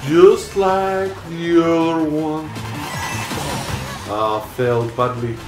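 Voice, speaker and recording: A man's voice: fairly high pitch, expressive, slow. A man chatting crudely and rambling while drunk, hosting a gaming session. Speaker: gaming video host. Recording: echoey room with loud game music.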